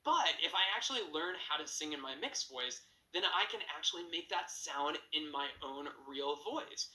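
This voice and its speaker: A male vocal coach with a very bright, clean and ringing voice gives a singing lesson. He explains each technique plainly and moves between talking and short sung examples. The sound is roomy, with a clear echo. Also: a little high, animated, moderate pace. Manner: explanatory, breaks into sung demonstrations.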